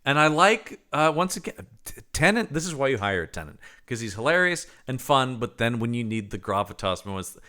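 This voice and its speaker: Bright, lively man chatting about movies. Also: mid-range voice, fairly quick. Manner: animated, acts out quoted lines from movies. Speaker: podcast co-host. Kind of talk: casual movie commentary chat.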